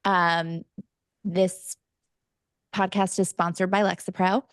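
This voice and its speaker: A young woman co-hosting a podcast in casual chat, self-mocking and quick to joke. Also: lowish voice, flat delivery, clear, resonant tone, dry recording, studio quality. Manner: chatty, self-mocking, slips into playful Irish-accent bits. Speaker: podcast co-host.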